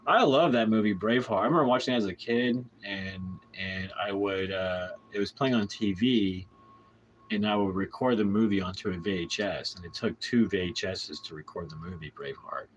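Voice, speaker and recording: A man's voice: low-pitched, brisk, highs cut off, slight background noise. An American man chatting casually in a late-night vlog, answering his chat in a playful, rambling way and laughing often.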